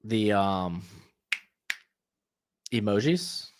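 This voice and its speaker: A man's voice: fairly low pitch, expressive, extremely slow. A young man, chatting casually and jokily as he hosts a football watch-along stream, reading chat and reacting to plays. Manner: rambling, jokey, talks to chat and his dog.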